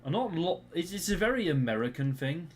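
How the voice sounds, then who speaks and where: A man's voice: fairly high pitch, sing-song, fairly quick, a little hiss or hum. A British man streaming a game live, grumbling and swearing at his teammates' play. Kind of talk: live gameplay commentary.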